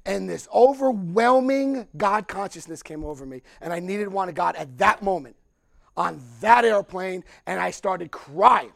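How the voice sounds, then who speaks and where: A middle-aged man telling a lively personal recovery story to a group, acting out voices and laughing often. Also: high voice, a little slow, creaky. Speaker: recovery speaker.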